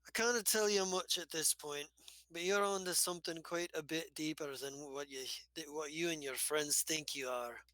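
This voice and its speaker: A man playing a cryptic old man who hands out warnings as riddles. He sounds slightly high and bright, slow and knowing. The recording is dry and close. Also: no room sound.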